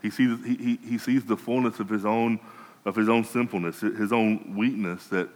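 Man, sermon, low voice, long hall reverb, conversational restarts. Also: steady tone, normal speed, darkish tone. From United States. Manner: conversational, frequent restarts and repeated words. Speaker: preacher.

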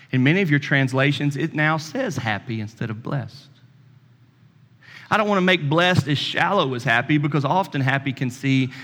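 A man's voice: medium pitch, a bit bright. A man, preaching a sermon and telling a personal story in a folksy way, acting out both sides of the conversation. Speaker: pastor. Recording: long reverb in a church hall.

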